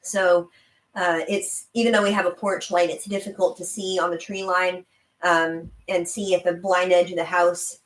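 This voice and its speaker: A woman's voice: on the low side, level tone, normal speed. A young woman with a faint Southern US accent, chatting casually on a live stream, rambling with frequent laughs. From American South. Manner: chatty and rambling, laughing often, talking to her dog. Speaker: livestream host. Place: room in her house. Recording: roomy home recording.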